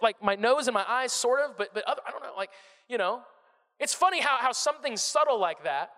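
A man preaching a sermon in a high, bright voice, chatty and animated, doubling up his words as he gets going. The sound carries a long reverb from a church hall. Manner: conversational, animated, repeats words when starting phrases. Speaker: pastor.

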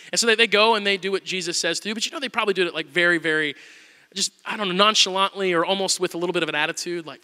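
A male pastor preaching a sermon, telling the story with animated storytelling and acting out the quotes. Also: high-pitched, very fast, in a large hall.

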